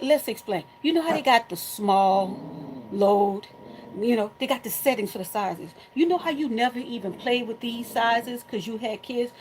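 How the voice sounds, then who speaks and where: A middle-aged woman hosting a crafting tutorial from home, chatting casually and telling animated stories to her viewers while she works. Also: on the high side, slight background noise, poor audio.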